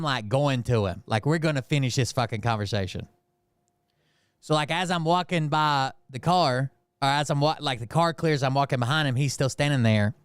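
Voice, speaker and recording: This medium-pitched man's voice comes through clean, with no room sound. He's a channel host telling a casual story about a heated confrontation, full of swearing, fillers, and rambling.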